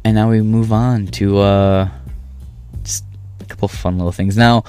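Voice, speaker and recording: A man with a fairly low voice reads political articles aloud in a loose, casual way. He keeps cutting in with sarcastic, swearing asides. Soft music plays quietly underneath. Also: steady tone, measured pace, clear, resonant tone. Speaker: political commentary streamer.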